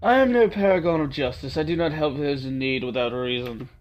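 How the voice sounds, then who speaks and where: A man's voice: fairly high pitch, fairly quick, highs cut off, natural voice. A man voicing a haughty female warrior with a sword, using a put-on British accent in a clipped, aloof way. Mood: cold.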